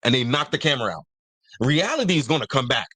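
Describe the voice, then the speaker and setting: A man's voice: mid-range voice, very animated, quick pace, sharp tone, no room sound. A young man talking in a casual podcast chat, emphatic and given to acting out what people said. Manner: emphatic, acts out quoted voices. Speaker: podcast co-host.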